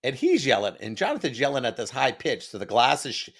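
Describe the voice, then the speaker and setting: Gravelly male radio host telling stories. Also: mid-range voice, big pitch swings, fast. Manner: storytelling, acts out the people he quotes. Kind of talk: casual radio storytelling.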